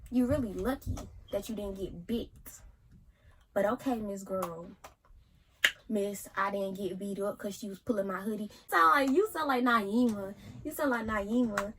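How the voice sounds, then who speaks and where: A teenage girl, casually telling a story in an animated way for a vlog. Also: medium pitch, measured pace, background noise. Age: teens. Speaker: vlogger.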